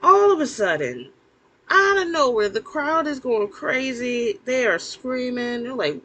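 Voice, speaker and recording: A woman casually recapping a TV episode to the camera, animated and incredulous, with plenty of fillers and laughs. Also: on the high side, moderate pace, low-quality recording.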